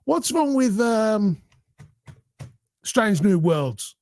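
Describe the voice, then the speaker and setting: Teasing, argumentative co-host, lively pitch, dry close mic. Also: extremely slow, no echo. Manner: teasing, argumentative, laughs often. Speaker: podcast co-host. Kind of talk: casual chat.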